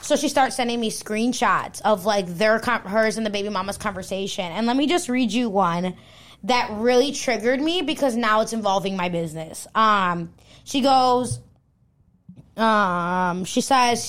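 A woman's voice: mid-range voice, unhurried, fairly bright tone. A young adult woman hosting a podcast, telling a long story in casual chat, rambling with lots of "like" and reading out text messages. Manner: rambling, heavy use of "like", quotes texts aloud. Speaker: podcast host.

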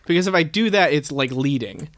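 Thoughtful man with a higher voice. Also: big pitch swings, fairly quick, fairly bright tone. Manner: thoughtful, self-questioning. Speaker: podcast co-host. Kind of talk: casual book-discussion chat.

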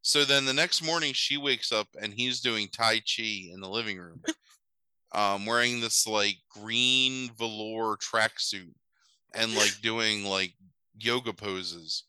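Bright, crisp-voiced man chatting casually. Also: on the low side, slow, no room sound, low-quality recording. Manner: rambling, profane, full of fillers and asides. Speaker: podcast host recapping a film. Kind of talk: casual chat.

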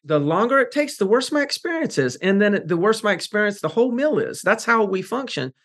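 A man's voice: high-pitched, big pitch swings, brisk, fairly bright tone. A man hosting a podcast interview who talks emphatically and explains his points with everyday examples. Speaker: podcast host. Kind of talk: casual interview conversation.

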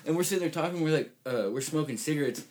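A man telling a rambling, profane story in casual chat, saying "dude" constantly and getting loud when excited. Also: a little high, quick pace.

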